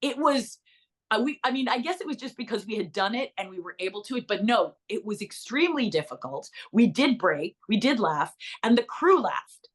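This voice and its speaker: A middle-aged woman chatting in an interview, bubbly and full of quick asides as she tells stories about her acting work. Her voice sits at an ordinary middle pitch. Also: animated. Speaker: actress and author. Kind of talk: casual interview chat.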